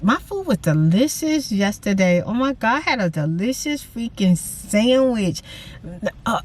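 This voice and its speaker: A middle-aged woman hosting her vlog in casual, animated chat, calling her viewers y'all and saying freaking often. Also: mid-range voice. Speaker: vlogger and host.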